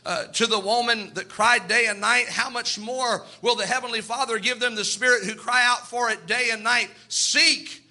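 Male preacher, very high and piercing voice, fervent sermon delivery that voices the people in his stories. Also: steady tone, moderate pace, few pauses, sharp tone.

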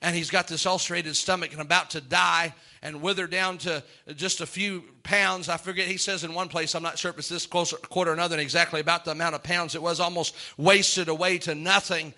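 A man's voice: fairly high pitch, steady tone, brisk, few pauses, bright, forceful tone. A male preacher delivering a sermon, fervent and emphatic, repeating phrases to drive a point home.

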